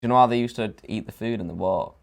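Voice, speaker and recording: A man's voice: fairly low pitch, quick pace, vocal fry. A young man with a St Helens accent, co-hosting a casual podcast chat and telling stories with quoted voices. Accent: St Helens, Northern English. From St Helens, England. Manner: chatty storyteller, laughs often, acts out quotes. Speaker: podcast co-host.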